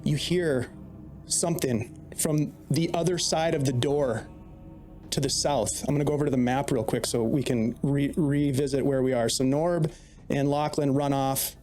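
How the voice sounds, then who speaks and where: A man's voice: mid-range voice, steady tone, normal speed, darkish tone, faint music behind. A man narrating as dungeon master, steadily setting scenes and explaining the rules. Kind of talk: narrating a tabletop game.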